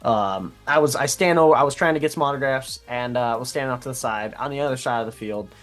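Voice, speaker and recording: A young man on a casual sports podcast, telling an animated story and laughing as he goes. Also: fast talker, soft background music. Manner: animated, laughing, imitating people in a high voice. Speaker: podcast co-host.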